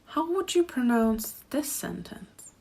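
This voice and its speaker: A woman's voice: on the high side, sing-song, slow pace, creaky, darkish tone, husky. A woman teaching a pronunciation lesson, speaking carefully and repeating each phrase so learners can practice. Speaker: Czech language teacher.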